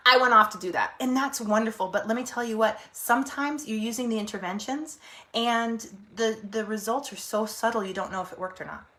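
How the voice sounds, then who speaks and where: Animated woman therapist, casual teaching. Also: fairly high pitch, fairly quick. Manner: animated, acts out inner voices, laughs often.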